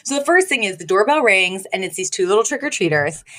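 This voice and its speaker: A woman's voice: mid-range voice, big pitch swings, fast talker, fairly bright tone. Woman podcast host, casual recap chat, laughs easily, slips into voices for quoted lines. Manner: chatty and giggly, acts out quoted lines.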